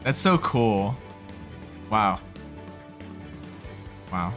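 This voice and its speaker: A man's voice: lowish voice, animated, very slow, a bit bright, faint music behind. A man hosting an anime reaction video, talking in earnest and gushing, with a habit of rambling on. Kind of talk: casual reaction commentary.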